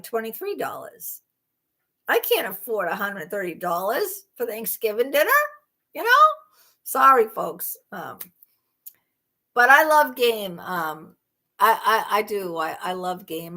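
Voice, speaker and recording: A woman's voice: medium pitch, pushed and bright. A woman hosting a casual livestream chat, rambling and exclaiming in disbelief. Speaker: livestream host.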